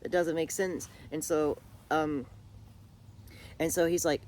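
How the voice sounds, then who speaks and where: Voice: medium pitch, steady tone, slow, darkish tone, slight background noise. A speaker casually retelling a TV drama to a friend, rambling with lots of fillers and restarts. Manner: rambling, many fillers and restarts, bursts of laughter. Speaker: channel host.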